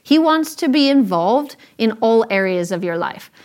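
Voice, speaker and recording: A woman's voice: fairly high pitch, expressive, moderate pace. A woman in her thirties giving an earnest, conversational Christian talk, telling stories with frequent ums and restarts. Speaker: speaker sharing a Christian talk. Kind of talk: informal sermon talk with stories.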